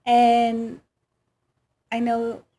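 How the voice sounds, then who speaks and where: A woman in her late thirties with a high, bright-pitched voice hosts a relaxed interview. She tells stories with plenty of animation and slips into the voices of the people she quotes. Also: very slow. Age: 30s. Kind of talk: casual chat.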